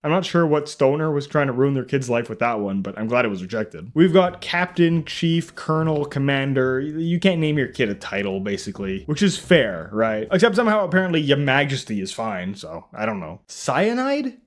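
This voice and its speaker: A young man hosting a comedy reaction video, reading items aloud and mocking them. His tone is sarcastic and incredulous, with frequent laughs and quick acted-out bits of dialogue. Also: medium pitch, sing-song. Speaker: YouTube reaction host.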